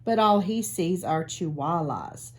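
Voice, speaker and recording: A woman's voice: fairly low pitch, animated, takes it slowly, a little mellow. A woman voicing three young girl kittens in a picture book who tattle on their brother. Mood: tattling.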